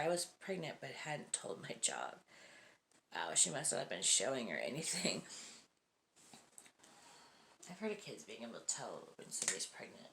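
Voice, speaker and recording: Low creaky-voiced woman reading creepy stories out loud, laughs a lot, mutters little whispered asides. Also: wildly swooping pitch, normal speed, long pauses, slight background noise. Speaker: host.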